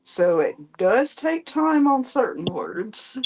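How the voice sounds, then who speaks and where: Slow, patient woman explaining. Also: on the high side, very animated, a little mellow. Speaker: panel chat guest. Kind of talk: casual chat.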